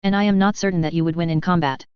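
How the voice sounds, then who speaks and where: A narrator voicing a calm, patient female alien matron who speaks in a measured, formal way. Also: medium pitch, clean tone, no echo, dull audio, close to an everyday voice. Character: calm older female Asari matron diplomat.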